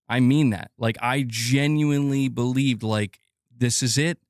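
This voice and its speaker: A man's voice: mid-range voice, fairly even intonation, a little slow, dry recording, clean studio sound. A man hosting a live gaming news stream, ranting casually and swearing as he talks to his chat.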